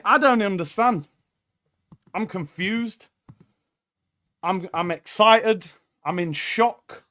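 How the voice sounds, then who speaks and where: A man with a high, bright voice hosting a live football watchalong from an indoor room. He reacts excitedly to every moment of play and reads viewers' messages aloud. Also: slow, pauses often. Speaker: watchalong host.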